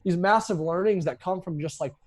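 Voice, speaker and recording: A young man talking as a guest in a casual interview, rambling with restarts and frequent swearing. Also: high-pitched. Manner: rapid, profane, rambling with restarts. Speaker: entrepreneur guest.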